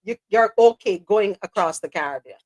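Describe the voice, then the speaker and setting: A woman's voice: mid-range voice, lively intonation, moderate pace, a little mellow, dry recording. A woman hosting a live talk show, chatty and teasing, often laughing as she talks. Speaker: show host. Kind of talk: lively live-show banter.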